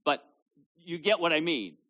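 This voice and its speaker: A male pastor preaching a sermon to a congregation with kids present, reading scripture loudly and dropping low for asides. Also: lively intonation, measured pace, highs cut off. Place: church service with children present.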